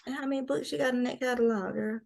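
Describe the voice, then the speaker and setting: A woman's voice: fairly high pitch, quick pace, creaky, a little mellow. A woman from North Carolina with a Southern accent, hosting a casual interview in a playful, folksy way. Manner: playful, folksy, calls people girl and honey. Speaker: host.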